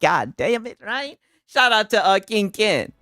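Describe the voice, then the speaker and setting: High-voiced man mocking a clip on stream. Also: sing-song, unhurried, sharp tone, no room sound, clean studio sound, soft background music. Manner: laughing, mocking asides. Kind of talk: casual stream commentary.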